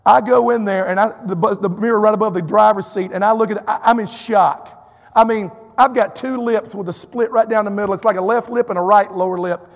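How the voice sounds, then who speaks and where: Preacher guy from texas, high gravelly voice, tells stories in his sermon, church reverb. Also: fairly quick. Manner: animated, acts out quotes, drawling fillers. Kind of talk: storytelling sermon.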